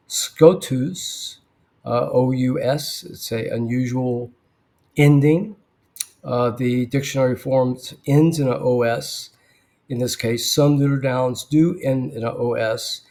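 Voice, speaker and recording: A man teaching biblical Greek verse by verse, thoughtful, with frequent fillers and throat clearing. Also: mid-range voice, darkish tone.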